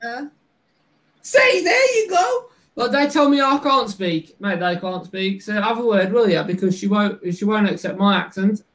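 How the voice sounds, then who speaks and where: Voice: medium pitch, big pitch swings, moderate pace, fairly bright tone. A speaker with a West Midlands accent telling stories in loose, casual chat and sometimes slipping into playful put-on voices. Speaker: livestream co-host.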